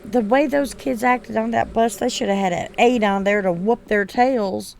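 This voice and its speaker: A woman in her thirties, a gaming streamer telling a story casually over gameplay, blunt and quick to swear. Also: fairly high pitch, creaky, a little mellow, a little hiss or hum.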